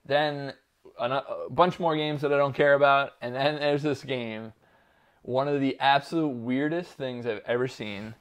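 A man's voice: medium pitch, steady tone, measured pace, a bit bright, clean tone. A man co-hosting a casual podcast chat, rambling with lots of fillers, laughter and swearing. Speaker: podcast co-host.

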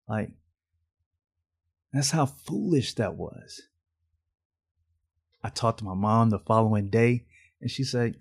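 A man's voice: fairly low pitch, animated, slow pace, vocal fry, long pauses, husky. A man hosting a podcast, telling stories and preaching. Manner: preachy, storytelling, drawls phrases out. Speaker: podcast host. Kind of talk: casual podcast monologue.

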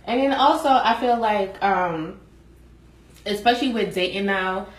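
A woman co-hosting a podcast, talking through her views in a measured, reflective way in casual chat. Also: mid-range voice. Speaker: podcast co-host. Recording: echoey room.

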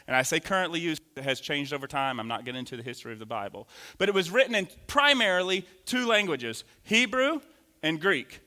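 A man in his thirties preaching a lively sermon in a church, animated and joking with the congregation. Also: a little high. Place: church sanctuary. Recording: long hall reverb.

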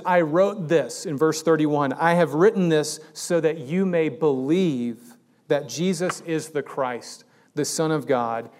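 Man, pastor, sermon, casual preaching style, emphatic peaks, fairly high voice. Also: darkish tone.

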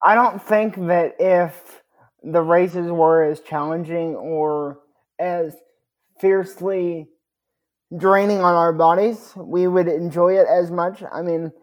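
A man speaking as a podcast guest, telling his story in an earnest, measured way. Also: high-pitched, steady tone, lo-fi sound. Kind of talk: podcast interview conversation.

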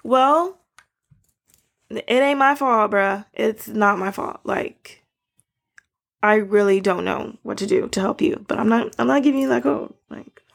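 A woman's voice: a little high, measured pace, creaky. A young woman hosting a podcast, chatting casually to listeners and ranting animatedly with slang. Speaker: podcast host.

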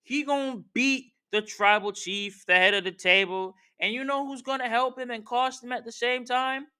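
A podcast host rants in casual, slangy commentary, calling out the people he talks about. His voice sits high and sounds bright and crisp. He stays heated the whole way through. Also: steady tone, moderate pace. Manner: slangy, heated, talks straight to wrestlers and fans. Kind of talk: casual wrestling commentary rant.

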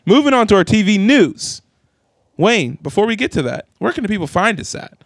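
A young man, co-hosting a casual entertainment chat show, animated and joking with quick asides. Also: sits high, no room sound, studio quality. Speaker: podcast co-host.

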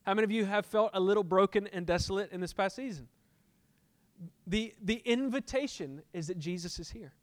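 A middle-aged man preaches a sermon, weaving a personal story and playing out his own heated exchanges with God. His voice sits a little high and swells into passionate peaks before dropping back to a softer tone. The recording is close and dry, with no room sound. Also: a little fast, no echo. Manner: storytelling, acts out dialogue with God, rising to impassioned peaks. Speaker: pastor.

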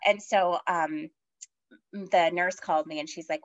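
A woman's voice: lowish voice, fairly even intonation, a little slow. Chatty woman telling her story, lo-fi. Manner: chatty, many fillers, acts out quoted voices. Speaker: podcast guest. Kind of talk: casual personal storytelling. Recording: dull lo-fi audio.

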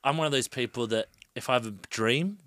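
A man co-hosting a podcast in casual chat, heartfelt and going soft when moved. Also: mid-range voice, brisk, no room sound, clean studio sound. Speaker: podcast co-host.

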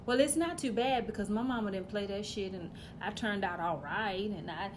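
A woman delivering a profane comedic rant, loud and blunt, swinging between shouting and muttering asides. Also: medium pitch, normal speed, background noise.

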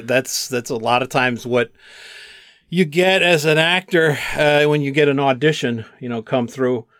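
An older man, a voice actor, chatting on a podcast and telling stories with quick impressions. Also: medium pitch, fairly bright tone, no echo, studio quality. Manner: storytelling, drifts into quick impressions. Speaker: guest voice actor. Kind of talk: casual podcast chat.

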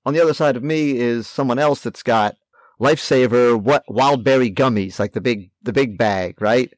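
Man, podcast host, teacher, casual joking chat, mid pitch, dry recording. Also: normal speed, no echo. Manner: chatty, self-mocking humor, many filler backchannels.

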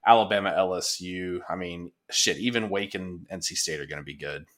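Low-voiced laid-back man hosting a podcast. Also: brisk. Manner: relaxed, laid-back, with frequent fillers and mild swearing. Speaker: podcast host. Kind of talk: casual sports chat.

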